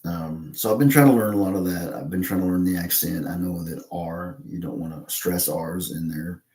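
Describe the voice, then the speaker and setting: An American man talking casually to camera in a halting, rambling way, full of fillers and restarts. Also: deep voice, darkish tone, echoey room. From United States.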